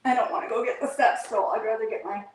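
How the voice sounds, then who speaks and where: A woman's voice: fairly high pitch, steady tone, fast talker, roomy sound, poor audio. A woman hosting a live cooking show from her home kitchen, chatting to herself and her viewers in folksy slang as she works. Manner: chatty, talks to herself and viewers while working.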